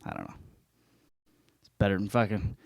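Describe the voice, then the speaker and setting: A man hosting a podcast, giving a casual, profane, joking book report, often jumping into loud high-pitched bits. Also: wildly swooping pitch, moderate pace, vocal fry, no echo, studio quality. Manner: profane, jokey, lots of swearing and laughing. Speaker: podcast host.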